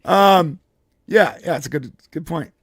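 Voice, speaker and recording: A man's voice: fairly high pitch, unhurried, no room sound, studio quality. A man hosting a casual political podcast, talking bluntly and profanely and slipping into put-on voices when he tells a story. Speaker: podcast host.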